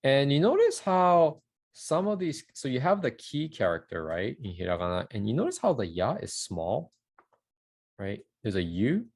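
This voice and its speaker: Husky low-ish guy teaching pronunciation, repeats every sound twice, voice jumps up and down a lot. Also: wildly swooping pitch, a little mellow. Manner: demonstrates sounds slowly, repeats syllables, corrects himself. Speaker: Japanese teacher. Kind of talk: casual language lesson.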